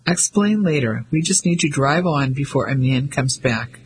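A man voicing a brisk young English lady who speaks in clipped, firm tones. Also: medium pitch, lively intonation, slightly rough, poor audio.

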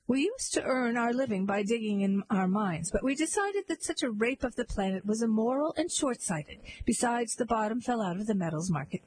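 A woman's voice: fairly high pitch, animated, brisk, hardly any pauses, a little mellow, slight background noise, close to an everyday voice, rough recording. Woman doing a pompous, lecturing leader of little men. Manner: stern, lecturing.

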